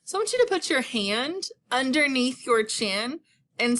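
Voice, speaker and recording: In a recorded phonics lesson for young kids, this woman elementary teacher talks slowly, clearly and encouragingly. Her voice is high-pitched and sing-song, with a slightly bright quality.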